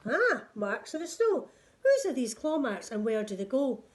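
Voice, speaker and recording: A woman voicing a young female gruffalo who is curious and brave, in an excited storybook voice. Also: on the high side, normal speed. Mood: bold.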